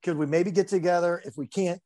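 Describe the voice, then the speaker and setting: Man, baseball coach, slightly high voice, laid-back rambling chat. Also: fairly quick. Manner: rambling, relaxed storyteller with many fillers. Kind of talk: casual conversation.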